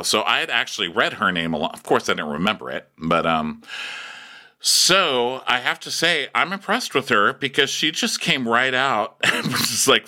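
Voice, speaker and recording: A man co-hosting a comedic TV recap podcast, catty and swearing, acting out quotes in a high falsetto. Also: sharp tone. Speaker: podcast co-host.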